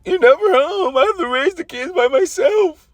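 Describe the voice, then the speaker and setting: A man voicing a furious, tearful woman, a soldier's wife yelling at her husband. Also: very high-pitched, expressive, moderate pace, no echo, voice pushed up. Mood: screaming, tearful.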